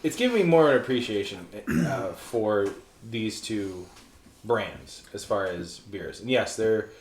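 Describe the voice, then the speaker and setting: A man's voice: on the low side, animated, a little slow, darkish tone. A man co-hosting a casual podcast chat, rambling and laughing at himself. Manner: rambling, laughing, self-mocking. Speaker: podcast co-host. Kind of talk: casual chat over beers. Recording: echoey room with faint noise.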